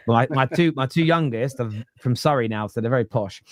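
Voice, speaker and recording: A man's voice: mid-range voice, a little fast, no room sound, studio quality. Chatty London man hosting a podcast. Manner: chatty, reads viewer comments aloud. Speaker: podcast host. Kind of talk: casual panel chat.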